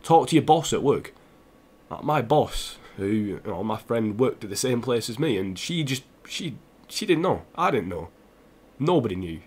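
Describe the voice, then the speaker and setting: A young man speaking straight to his stream audience, tearful and on the edge of crying. He talks earnestly and haltingly, stumbling over restarts and repeating himself, at a medium pitch for a man. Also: very animated, a little mellow, breathy edge. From England. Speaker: gaming streamer. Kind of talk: emotional personal address to stream viewers.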